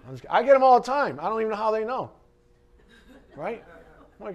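Joking with his congregation, a male pastor preaches in an animated, conversational manner, alternating loud stresses with quiet asides. He speaks fast at a very high pitch and stops frequently to pause.

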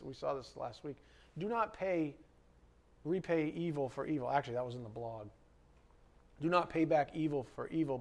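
A male pastor delivers a sermon in a church hall, his voice sitting a little high. He talks straight to the congregation with lots of questions and sudden animated surges. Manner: animated, asks the congregation questions, rises sharply when worked up.

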